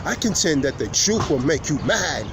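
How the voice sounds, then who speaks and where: A man holds forth like a street preacher, his voice sitting a little high for a man. He leans hard on key words and stretches out his pauses. Traffic and city noise run clearly behind him outdoors. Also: big pitch swings. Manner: emphatic, preacher-like delivery with drawn-out pauses. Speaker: host. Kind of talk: preaching lecture to camera.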